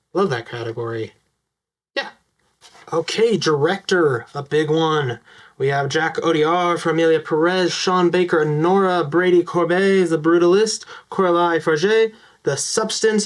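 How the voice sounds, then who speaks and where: A young man giving casual, enthusiastic commentary on his film picks, talking quickly with lots of fillers. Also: fairly high pitch. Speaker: vlogger.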